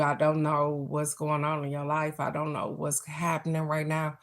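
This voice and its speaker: A woman's voice: sits low, monotone, normal speed, hardly any pauses. Chatty middle-aged woman reading cards. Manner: chatty, talks straight to viewers, blunt and affectionate. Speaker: oracle card reader. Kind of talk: casual live-stream card reading.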